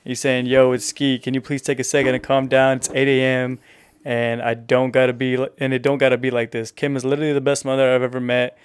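A man at a middle pitch with a smooth, clear voice, talking casually on a podcast. He speaks in a laid-back way, swears freely, and reads messages out loud. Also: flat delivery, fast talker. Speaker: podcast co-host. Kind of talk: casual chat.

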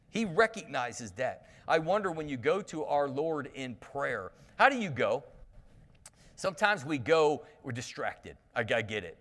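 A man's voice: fairly high pitch, very animated, unhurried, a bit bright, in a large hall. A male pastor preaching a sermon, reading scripture aloud and then explaining it in a folksy, conversational way with frequent restarts.

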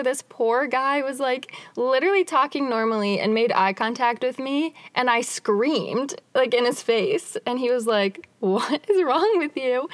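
Young american woman gabbing on a podcast, kinda high voice, dead dry mic. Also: no room sound. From United States. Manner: animated storytelling, laughs often. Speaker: podcast host. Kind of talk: casual chat.

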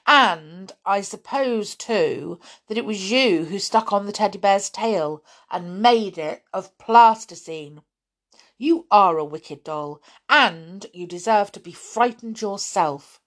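A woman's voice: medium pitch, takes it slowly, fairly bright tone. A woman voicing a male toy clown who scolds fiercely in a storybook.

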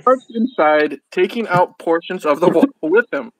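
High-voiced man reading a story aloud. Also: lively intonation, moderate pace, background noise. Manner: laughing at his own reading, stumbling over words. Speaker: podcast host.

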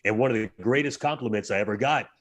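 A man, speaking at a middle pitch as a fight announcer guest on a podcast. He tells stories in an animated way, acting out other people's lines in a raised voice. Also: quick pace. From South Louisiana. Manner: animated storyteller, acts out dialogue in a raised voice. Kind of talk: casual podcast chat, storytelling.

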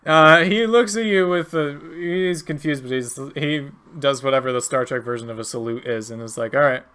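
A man narrating as game master of a tabletop game, animated and laughing often as he quotes characters. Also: mid-range voice, moderate pace, smooth.

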